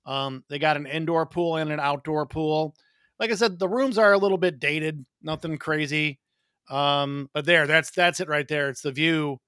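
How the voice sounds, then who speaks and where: Another co-host of the real estate live stream talks in an easygoing, informative way, rambling and restarting as he goes. He has a slightly high, fairly even voice at normal speed, a bit bright, clear and resonant, recorded in a studio with no room sound.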